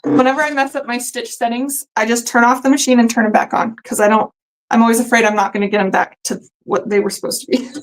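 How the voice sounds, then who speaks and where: A woman's voice: a little high, little pitch movement, fast, low-quality recording. A woman hosting a live quilting sewalong, chatting casually and rambling with fillers while she sews at her machine. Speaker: quilting host sewing along live. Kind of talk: casual live-stream chat while sewing.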